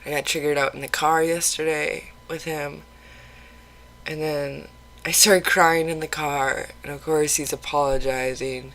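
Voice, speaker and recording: A vlogger talking openly in a casual confessional video, rambling with halting restarts and casual swearing. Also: mid-range voice, fairly even intonation, fairly bright tone, rough recording. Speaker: mental health vlogger.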